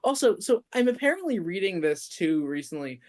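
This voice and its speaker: A man's voice: high-pitched, very animated, a little fast. A man appearing as a guest on a podcast in casual chat. He talks hesitantly, with many ums and restarts.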